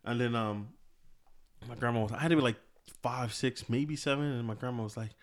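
A man telling stories in casual chat, profane and animated. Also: medium pitch, a little fast.

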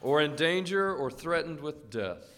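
A man's voice: a little high, unhurried. A man reading scripture passages aloud in a church service. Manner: steady reading, with affirming interjections. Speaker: scripture reader.

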